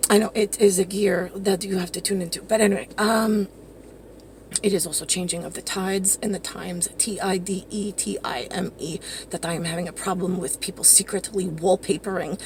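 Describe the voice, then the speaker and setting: A woman rambling through a profane monologue, hopping from one topic to the next. Her voice has a gravelly edge, and faint noise sits under it. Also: lowish voice.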